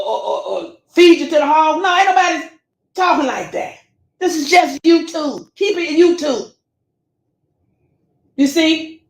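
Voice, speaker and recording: Preachy scolding woman in an echoey room. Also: sits high. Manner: scolding, preachy, addresses viewers as baby and family. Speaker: YouTube commentator. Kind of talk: direct-to-camera rant.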